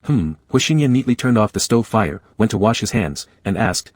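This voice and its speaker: A man narrates a romance story in a steady, unhurried read. His voice sits low and carries a husky grain. The recording is dry and close, with no room sound. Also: no room sound.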